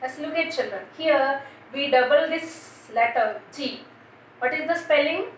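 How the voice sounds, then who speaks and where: A woman's voice: high voice, measured pace. A woman teacher, spelling words letter by letter and quizzing children in a grammar lesson. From India. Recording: very echoey room, voice from a distance, faint noise.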